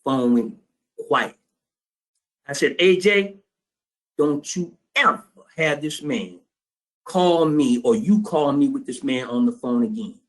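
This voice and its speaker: This man's voice is medium in pitch with lively intonation, and he takes things slowly, pausing often. Lecturing students in a trading class, he tells a crude, blunt story and performs both ends of a phone conversation.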